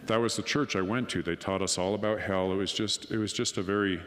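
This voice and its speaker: A middle-aged man giving a personal testimony at a conference, an animated storyteller who acts out the dialogue. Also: on the low side, quick pace. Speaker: conference speaker. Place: conference hall. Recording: long hall reverb.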